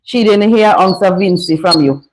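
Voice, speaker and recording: A woman's voice: on the low side, normal speed, slight background noise, poor audio. A woman from St. Vincent with a Vincentian accent, hosting a casual livestream and chatting with callers in creole-flavored speech. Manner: chatty, dialect-heavy creole phrasing. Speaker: livestream host. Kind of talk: casual live chat with callers.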